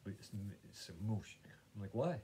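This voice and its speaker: A man's voice: fairly low pitch, normal speed, a little mellow, a little hiss or hum. A man hosting his own podcast, chatting casually about painting and gallery visits in a meandering way, full of fillers and restarts. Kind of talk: casual rambling chat.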